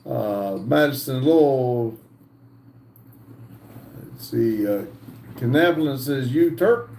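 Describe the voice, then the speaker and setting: A man hosts a livestream and reads viewer chat aloud, taking his time and pausing on "uh". His voice is mellow and dark. He is heard from some distance in a roomy space. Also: mid-range voice, lively intonation, vocal fry, a little hiss or hum. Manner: slow, halting reading with frequent "uh" fillers. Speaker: livestream host.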